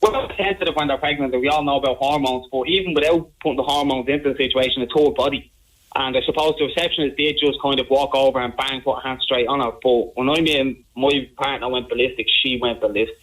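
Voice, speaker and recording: A man with an Irish accent, calling in to a radio show by phone and telling a story in an animated way that keeps coming back to the same points. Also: mid-range voice, fast talker. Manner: animated, repeats himself while telling a story. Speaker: caller. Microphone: telephone. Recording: phone line.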